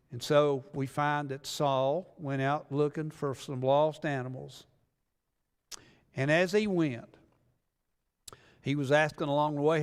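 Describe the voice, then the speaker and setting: A man delivers a sermon in a church, with a long reverb ringing after his words. His voice sits somewhat high for a man. He reads scripture and then retells it in plain, folksy terms, slipping into the voices of the people in the story. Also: steady tone, measured pace, pauses often, clean tone. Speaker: pastor. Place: church sanctuary.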